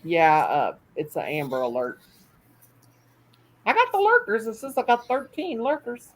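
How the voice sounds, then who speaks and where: A woman's voice: fairly high pitch, sing-song, a little slow, rough recording. An older woman hosting a casual livestream at home, chatty and folksy, reading comments aloud and laughing often. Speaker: livestream host.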